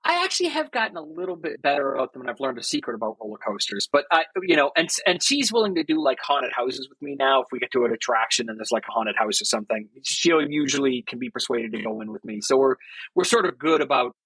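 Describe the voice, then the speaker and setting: Bright, husky-voiced author guest. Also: male voice, medium pitch, big pitch swings, fast, dry recording, low-quality recording. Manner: enthusiastic, thoughtful, with restarts. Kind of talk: casual interview chat.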